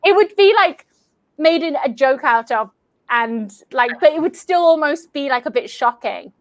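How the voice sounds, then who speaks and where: A British English teacher chats in a casual, easygoing way, her voice sitting high. She strings thoughts together with frequent "like"s. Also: animated, moderate pace. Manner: chatty, fills talk with "like". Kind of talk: casual chat.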